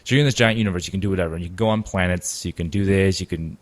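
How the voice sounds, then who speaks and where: A man with a very low voice hosts a casual podcast chat about gaming and racing. He rambles, piling up fillers and restarting his sentences.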